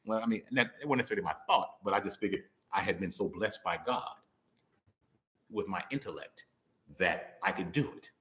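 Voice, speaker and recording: A young man giving a conversational sermon, playful and animated, laughing often and acting out quick voices. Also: sits low. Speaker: preacher. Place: church hall. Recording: roomy echo.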